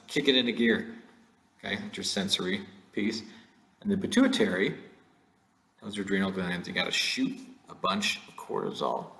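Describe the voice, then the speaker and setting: A man's voice: deep voice, a bit bright, echoey room. A man giving a recorded online lecture in a conversational way, often checking in with "right?" and making jokey asides.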